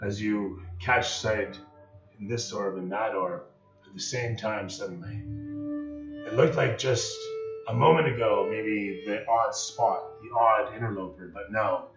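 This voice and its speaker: A man's voice: fairly low pitch, unhurried, gravelly, a bit bright. A man running a tabletop game on a live stream as game master, describing scenes like camera shots, with many fillers. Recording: echoey, distant, dull sound with faint music.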